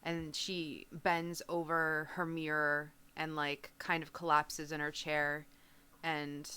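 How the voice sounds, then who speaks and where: A woman player describing her character's actions in a soft, hesitant way. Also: low voice, little pitch movement, slow, smooth.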